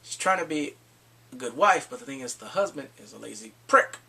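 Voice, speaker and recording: A man casually recapping a movie plot in a rambling, excitable way, with blunt crude slang. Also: mid-range voice, brisk, creaky. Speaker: movie reviewer. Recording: distant mic with faint background noise.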